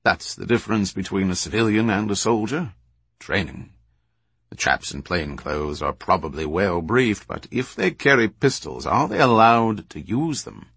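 A man's voice: fairly low pitch, animated, moderate pace, gravelly, fairly bright tone, breathy edge, no echo, full character voice. A man voicing a matter-of-fact British officer musing aloud in an audiobook.

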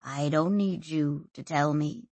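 An older male scholar talks quietly and pointedly, weighing each word, as a woman narrator puts him on. The slow reading has a husky, dry closeness. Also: medium pitch, sing-song, dry recording, full character voice. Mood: grave. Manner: clipped, quiet and probing. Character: sharp-tongued older male scholar, shaken.

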